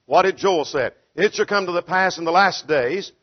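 A man's voice: high voice, moderate pace. A man preaching an expository sermon, emphatic and driven by rhetorical questions, acting out the quoted voices. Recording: dull lo-fi sound.

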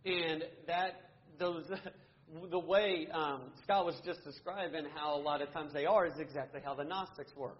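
A man's voice: fairly high pitch, a little slow, dull audio. A man teaching a Bible study class, earnestly asking questions and answering them himself, with frequent restarts.

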